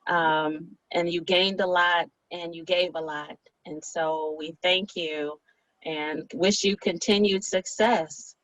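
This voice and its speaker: A woman interviewer who asks questions and gives warm, affirming replies. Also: fairly low pitch, fairly even intonation, slow, no echo, poor audio. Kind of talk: interview hosting.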